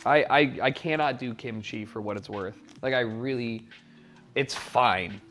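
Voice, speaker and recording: A man's voice: medium pitch, a little slow, a bit bright, faint music behind. A man live-streaming as he cooks in his home kitchen, swearing freely and rambling while he answers his chat. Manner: profane, rambling, talks back to chat. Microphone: wired mic.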